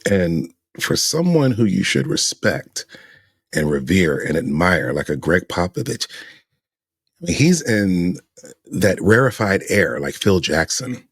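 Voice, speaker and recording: A man's voice: low voice, sing-song, unhurried, breathy edge, no echo, studio quality. A man hosting a podcast, giving emphatic opinion commentary full of rhetorical questions. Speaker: podcast host.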